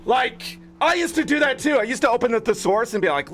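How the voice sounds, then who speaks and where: A man's voice: very high-pitched, sing-song, fast talker, a bit bright, faint music behind. A man hosting a gaming channel, ranting with exasperated profanity and rambling filler words. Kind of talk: ranting commentary.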